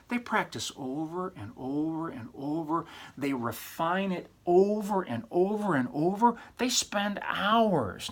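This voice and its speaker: In recorded feedback to his students, a male college professor with a fairly high-pitched voice hams it up. He teases, poses rhetorical questions, and puts on silly, overdone voices.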